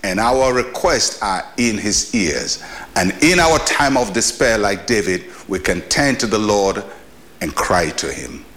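A man's voice: fairly low pitch, expressive, measured pace, a bit bright. A man preaching a short devotional sermon as a pastor, earnest and emphatic, with repeated phrases and questions to the listener.

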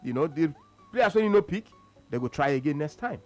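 A Nigerian Pidgin-speaking man co-hosting a sports talk radio show, his voice a touch high and very lively in pitch. He repeats phrases to drive his points home, dropping into low mutters and jumping to high exclamations. Faint music sits behind him. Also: brisk. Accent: Nigerian Pidgin English.

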